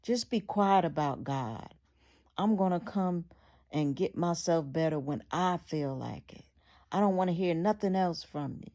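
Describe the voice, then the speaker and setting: A man's voice: medium pitch, steady tone, slow pace, vocal fry, pauses often. Angry grieving husband, read by a woman. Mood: enraged. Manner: bitter, shouting in rage. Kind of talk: read-aloud storytelling.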